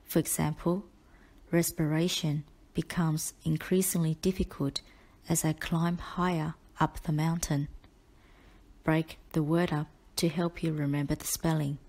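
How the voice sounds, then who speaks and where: A woman tutor reads out a spelling list in a low, even voice. She speaks slowly and enunciates each word with care, like a dictation lesson. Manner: measured, deliberate, carefully enunciated.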